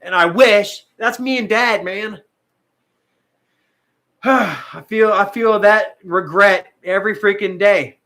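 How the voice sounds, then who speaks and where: High, bright-voiced man rambling emotionally. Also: takes it slowly. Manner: rambling, frequent fillers, heavy swearing. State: tearful at times. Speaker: vlogger talking to live viewers. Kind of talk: emotional casual livestream talk.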